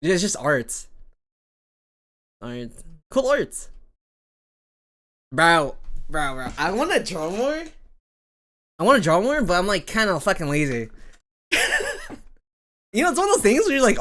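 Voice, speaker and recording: A woman's voice: lowish voice, sing-song, measured pace, pauses often, a bit bright. A young woman streaming a game and chatting casually, rambling and swearing freely with frequent laughter, sounding a bit drowsy and out of it. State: drowsy, low energy. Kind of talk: casual live-stream chat.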